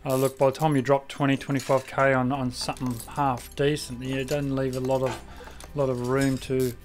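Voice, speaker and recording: Faint music sits under a medium-pitched man speaking in a level tone at a moderate pace. He's from South Australia, has an Australian accent, and offers casual, rambling commentary on the car repair game he's streaming, chatty and prone to losing his thread.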